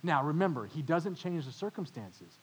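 A man's voice: fairly high pitch, sing-song, moderate pace, slightly rough. A male pastor preaching a sermon in a church, retelling a story dramatically. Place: church with overflow room.

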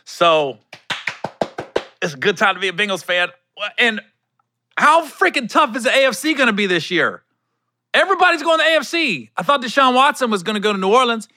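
A middle-aged podcast host chats on his own in the studio, his high-pitched voice sing-song, bright, and forceful, moving a little fast. He tells stories with laughter and imitates the voices he quotes. The recording on his studio podcast mic is dry.

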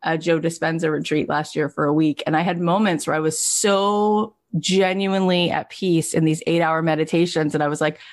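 A woman's voice: deep voice, fairly even intonation, moderate pace, few pauses. A woman hosting a podcast, chatting in an affirming, enthusiastic way. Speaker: podcast host. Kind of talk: casual chat.

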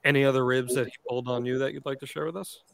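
A man co-hosting a podcast, asking questions quickly and reacting with enthusiasm. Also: medium pitch, steady tone, vocal fry, a bit bright. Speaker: podcast co-host. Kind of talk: casual interview chat.

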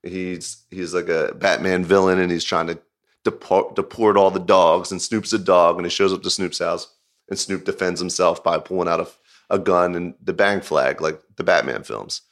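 A man with a deep, low voice tells a story in a casual interview. He rambles, with "like" scattered through every sentence, and laughs as he recounts the events. He directs music videos. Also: moderate pace. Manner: rambling, filler-heavy storytelling with frequent "like"; animated, laughing retelling.

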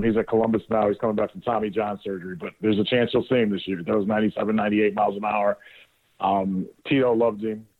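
A male sports radio host telling a casual, rambling story on air, sometimes swearing and often restarting his sentences. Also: on the low side. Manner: rambling, profane, with frequent restarts. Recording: dry, narrowband phone-like audio.

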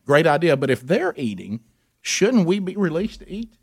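A man's voice: on the high side, normal speed, gravelly, breathy edge, no echo, studio quality. A middle-aged man co-hosting a radio show, telling a long story in casual chat and acting out the voices of the people in it. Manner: animated, acts out voices in his story.

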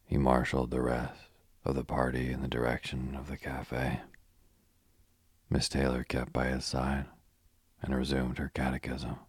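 A man reading a novel aloud as an audiobook narrator, measured and even. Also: a bass voice, husky, no room sound.

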